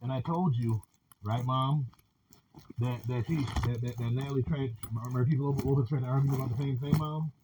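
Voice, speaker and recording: A man's voice: medium pitch, fairly even intonation, a little fast. A man talking at length to his mother in a rambling, repetitive way, often stopping to ask for her agreement. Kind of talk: rambling home conversation. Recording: loud background noise.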